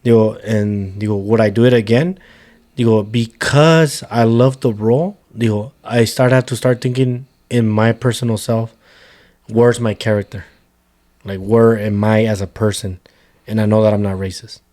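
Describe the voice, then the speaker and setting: A man's voice: lowish voice, steady tone, moderate pace, dark tone. A man co-hosting a casual talk show, chatting loosely and swinging between English and Spanish with plenty of swearing. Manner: switches between English and Spanish mid-sentence, swearing freely. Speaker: podcast co-host. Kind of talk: casual chat.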